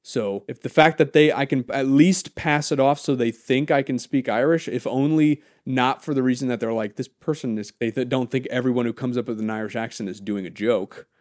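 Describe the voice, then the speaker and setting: Chatty podcast co-host, dry close sound. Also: male voice, medium pitch, a little fast, hardly any pauses, no echo. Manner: animated, swearing, rambling storyteller. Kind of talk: casual podcast chat.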